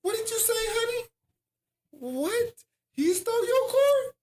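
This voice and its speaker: Give me an angry mother with a shrill, high-pitched voice, as a man puts her on. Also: very animated, takes it slowly, darkish tone, exaggerated voice. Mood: outraged.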